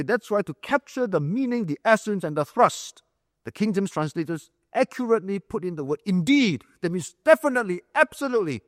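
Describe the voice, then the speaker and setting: A man's voice: high-pitched, lively intonation, fairly quick, dry recording, clean studio sound, long reverb tail. A male pastor preaching a sermon, emphatic, repeating key phrases and quizzing the room like a teacher. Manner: explains like a teacher, asks the room questions.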